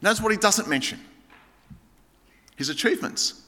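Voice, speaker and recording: A man's voice: high-pitched, animated, moderate pace, sharp tone. A Greek-born man preaching a sermon as a pastor, telling stories with playful banter before turning earnest. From Greece. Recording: hall reverb.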